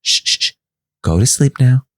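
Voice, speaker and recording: A man whispering as a creepy hushing doctor. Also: normal speed, dry recording, clean studio sound, close to an everyday voice. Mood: sinister. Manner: hushing, murmured, sinister. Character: creepy hushing male doctor stealing organs. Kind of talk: whispered role-play.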